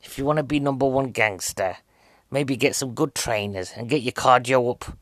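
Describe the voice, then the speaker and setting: Man, mid-pitched voice, dry close sound, rambling jokey film review, slightly winded. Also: normal speed, fairly bright tone, no echo. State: a bit out of breath. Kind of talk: casual spoken film review.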